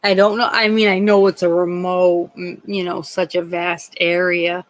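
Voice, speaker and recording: Speaking at normal speed in a fairly low voice with little pitch movement, a woman chats casually on her true crime livestream. Her talk is rambling and indignant, with frequent restarts and some swearing, and the recording is rough and echo-free.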